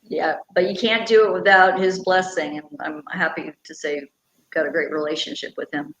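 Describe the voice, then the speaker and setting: Speaking at a moderate pace, this middle-aged woman has a lowish, slightly bright voice and keeps her intonation fairly even. As an interview guest, she is a radio personality who founded a conservation effort, and she talks about that work earnestly, with passion, going into long explanations. The conversation was captured in an echoey room with a faint hum in the background.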